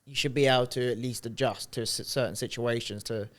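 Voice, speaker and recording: Man, podcast co-host, laid-back rambling talk, mid-pitched voice. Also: fairly quick. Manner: relaxed, rambling, talks with restarts. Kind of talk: casual podcast chat.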